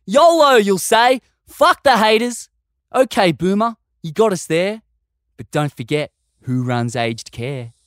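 An Australian man delivering a heated, loud rhyming rant with scorn. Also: high-pitched, animated, unhurried, dry recording, clean studio sound. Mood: furious.

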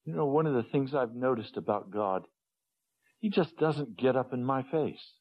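A man preaching an earnest sermon, dropping to low hushed tones and rising to pleading ones. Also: animated, moderate pace. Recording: dull lo-fi sermon recording.

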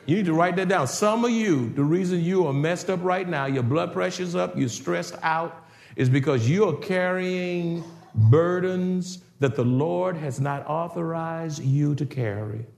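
An older man preaching a sermon in a church, swinging from shouted exhortation to hushed passages. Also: on the high side, unhurried, gravelly. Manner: preaching with rising shouts and sudden quiet passages. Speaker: pastor. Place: church sanctuary. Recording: roomy church echo.

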